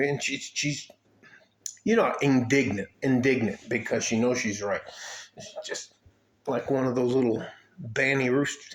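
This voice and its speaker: A man's voice: medium pitch, unhurried, slight background noise. A man from Detroit telling a story in a casual vlog rant, swearing often and rambling with many fillers and restarts. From Highland Park, Detroit. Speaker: vlogger.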